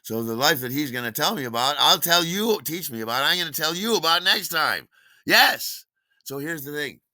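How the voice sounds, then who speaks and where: A man hosting a podcast, telling a comic anecdote in an animated way and acting out the other people's lines. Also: a little high, moderate pace, no room sound, studio quality. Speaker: podcast host.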